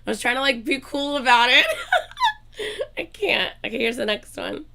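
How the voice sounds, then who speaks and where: Gushing high-voiced woman. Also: moderate pace, gravelly. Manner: gushing, excitable, swears often. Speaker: reaction channel host. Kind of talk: casual chat to viewers.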